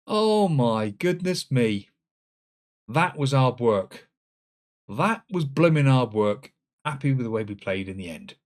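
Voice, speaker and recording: A man commenting on his own football management game, swinging between loud exclamations and muttered asides. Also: medium pitch, lively intonation, a little slow. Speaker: gaming channel host. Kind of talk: let's-play commentary.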